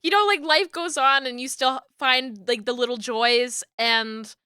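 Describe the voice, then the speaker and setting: Speaking without hurry, a woman who streams and does 3D rigging keeps up casual chat while she works, often laughing and swearing a bit. Her high voice is steady, sharp, and smooth, recorded at studio quality with no room sound.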